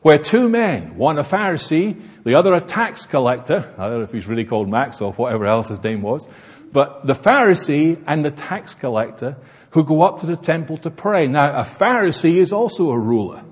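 A man's voice: a little high, expressive, moderate pace, slightly rough. A man preaching a sermon in an emphatic, explanatory manner, recorded in an echoey hall. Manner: emphatic, expository.

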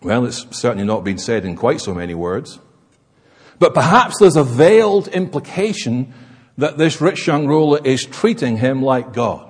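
A man's voice: mid-range voice, big pitch swings, normal speed, a little mellow, breathy edge. A man preaching a sermon in an emphatic, explanatory manner, recorded in an echoey hall. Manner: emphatic, expository.

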